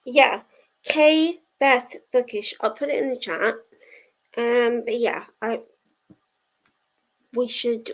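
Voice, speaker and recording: This livestream host of a reading sprint is a woman with a voice on the high side who speaks slowly and pauses often. She keeps things casual, talking with viewers in a giggly way full of fillers.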